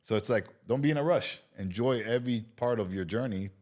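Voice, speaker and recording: A man's voice: medium pitch, fairly quick. A middle-aged man from Israel, a guest in a casual interview, telling a story with swearing and acted-out quotes. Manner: animated, swearing storyteller who acts out quotes.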